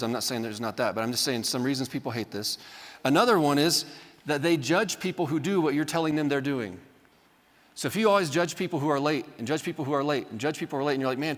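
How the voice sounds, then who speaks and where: A Bible college teacher gives a classroom lecture in a reverberant hall, his voice on the high side, a bit bright, expressive and fast. He talks casually, often acting out quoted voices and tacking on "right?" as he mimics what people say.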